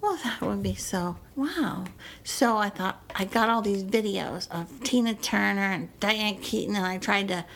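An older woman telling stories in a casual, lively way, slipping into playful voices now and then. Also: medium pitch, a little slow, vocal fry, slight background noise, rough recording. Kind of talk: casual storytelling.

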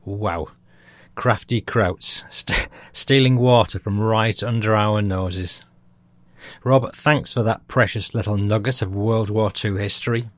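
A man's voice: fairly low pitch, takes it slowly, no echo, studio quality. A man from Britain hosting a history podcast, reading out listener feedback in a chatty way and chuckling at his own jokes. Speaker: podcast host.

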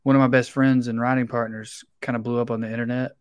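Profane Southern comedian, dry sound. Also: male voice, mid-range voice, flat delivery, fast talker, clear, resonant tone, no echo, lo-fi sound. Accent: Southern US (Tennessee). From Tennessee, US. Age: 30s. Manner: candid, profane, storytelling. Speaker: comedian guest. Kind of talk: casual podcast chat.

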